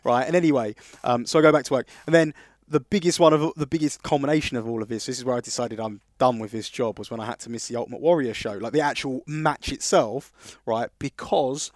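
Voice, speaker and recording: Male podcast co-host, mid-pitched, rambling storyteller, dry close sound. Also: brisk, few pauses, no room sound. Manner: rambling anecdotes with restarts. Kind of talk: casual storytelling chat.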